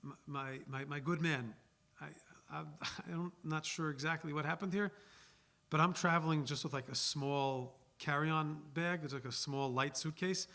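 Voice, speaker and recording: A man voicing a calm, wealthy male businessman who speaks in a hesitant, mildly amused way. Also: a little high, normal speed.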